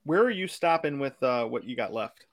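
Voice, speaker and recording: A man co-hosting a podcast, chatting in a relaxed way and steering the conversation around the group. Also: medium pitch, normal speed. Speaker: podcast co-host. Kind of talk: casual chat.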